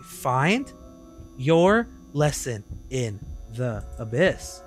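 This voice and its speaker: A man playing a horror game and reacting with loud, joking commentary. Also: medium pitch, expressive, slow pace, over music. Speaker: gaming streamer.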